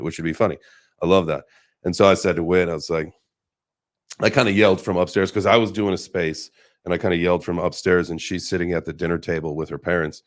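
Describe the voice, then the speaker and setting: Podcast host, man, very low voice, loose rambling delivery. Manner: rambling, filler-heavy storytelling. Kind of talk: casual chat.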